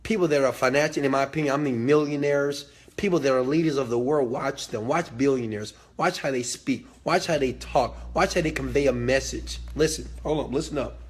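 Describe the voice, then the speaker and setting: A man's voice: mid-range voice, a little fast, hardly any pauses. A man hosting a motivational talk, emphatic and preachy, who hammers phrases by repetition and swears freely. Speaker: host.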